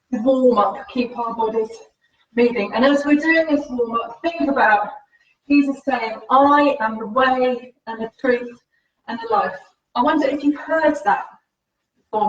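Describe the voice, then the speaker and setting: A woman fitness instructor leading a live-streamed home workout, upbeat and encouraging, slightly out of breath as she exercises while talking. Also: high-pitched. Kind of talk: live-streamed workout class with faith reflection. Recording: roomy, distant, dull livestream audio.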